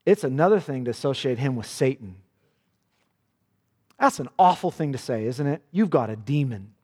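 A man's voice: mid-range voice, expressive, moderate pace, dark tone, breathy edge, long reverb tail. A male pastor preaching a sermon with earnest emphasis, quoting scripture dramatically.

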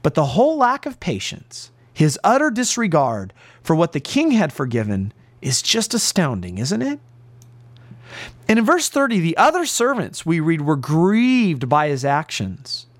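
Male pastor, animated sermon delivery, earnest and emphatic, dry close sound. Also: on the high side, dry recording. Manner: earnest, emphatic preaching with drawn-out stresses. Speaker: preacher.

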